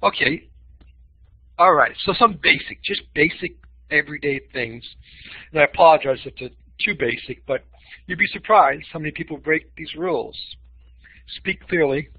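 Man, webinar presenter, husky, emphatic; dry, lo-fi audio. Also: fairly high pitch, normal speed, dry recording. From Boston. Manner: expressive, uses voice for emphasis. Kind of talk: webinar teaching talk.

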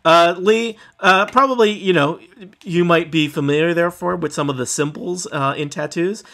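A man narrating as game master of a tabletop game, relaxed and halting with many fillers. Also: fairly high pitch.

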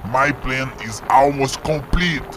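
A man voicing a gleeful scheming male villain in a fan-made game video, speaking slowly and theatrically with cackles. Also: medium pitch, background noise, lightly acted. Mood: gloating.

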